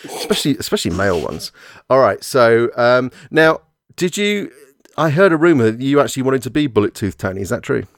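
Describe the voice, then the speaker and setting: Profane, joking English podcast host. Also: male voice, medium pitch, sing-song, brisk, no room sound. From England. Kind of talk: casual podcast chat.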